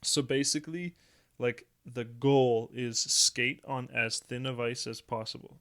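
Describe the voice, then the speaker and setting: A man's voice: mid-range voice, fairly even intonation, measured pace, a bit bright. A young man co-hosting a casual chat show, chatty and laughing between stories. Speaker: co-host.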